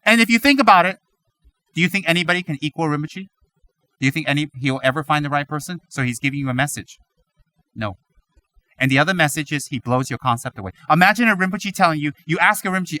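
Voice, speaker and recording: A man giving a Buddhist teaching, animated and dramatic, acting out his students' complaints. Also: a little high, quick pace, no room sound. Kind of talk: dharma teaching talk.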